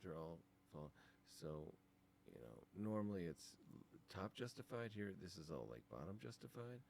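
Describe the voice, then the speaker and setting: A man's voice: sits low, lively intonation, moderate pace, gravelly, darkish tone, a little hiss or hum. A man teaching design, talking through files on a screen capture in a casual, thinking-aloud way with many ums. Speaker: design instructor.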